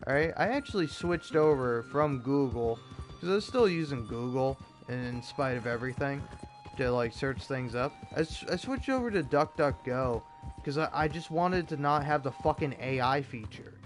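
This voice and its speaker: A man's voice: mid-range voice, animated, moderate pace, soft background music. A young American man ranting with heavy profanity and stammered restarts while commenting over gameplay. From United States. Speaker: gaming YouTuber.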